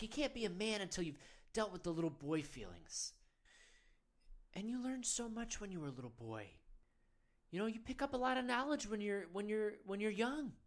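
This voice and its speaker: A man with a high voice plays a self-serious male men's-wellness guru. He leads a parody guided meditation, earnest and coaxing while rambling along.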